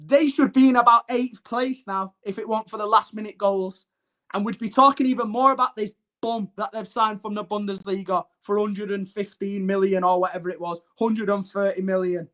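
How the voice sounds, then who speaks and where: A man's voice: very high-pitched, bright, forceful tone. A man hosting a live football stream, ranting brashly and mockingly while answering his chat.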